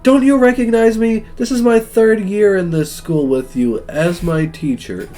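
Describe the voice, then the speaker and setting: A man's voice: a little high, expressive, moderate pace, dark tone, soft background music, natural voice. A man voicing a grandiose male dog professor in a game, speechmaking theatrically. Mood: scolding.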